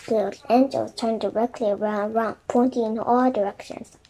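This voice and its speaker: A woman reading a children's chapter book aloud in soft, quiet narration. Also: on the high side, steady tone, normal speed, slight background noise, low-quality recording. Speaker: storybook reader.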